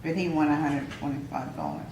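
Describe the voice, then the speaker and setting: A woman's voice: low-pitched, sing-song, fairly quick, gravelly. Older woman, grandmother, matter-of-fact, roomy echo, background noise. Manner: matter-of-fact, gives practical advice. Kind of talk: casual family chat. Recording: echoey room with background noise.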